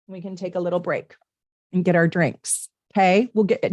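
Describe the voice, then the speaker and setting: This is a middle-aged tarot reader and astrologer hosting a live session from her house, brisk in pace and chatty with her audience. Warm asides and plenty of fillers run through her lowish, fairly even voice. There's no room sound.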